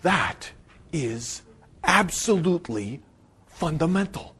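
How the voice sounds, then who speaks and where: A pastor preaching in a lively voice, pitched a little above the usual for a man. His delivery swings between loud, emphatic bursts and hushed asides. He often repeats phrases to drive a point home. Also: slow, breathy edge. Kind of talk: sermon.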